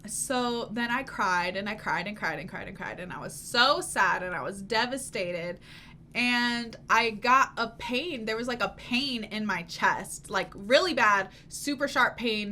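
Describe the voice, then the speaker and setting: A woman's voice: mid-range voice, pushed and bright, slight background noise. A young woman hosting a reaction video, telling a self-mocking story in casual talk and swearing freely. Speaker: reaction channel host.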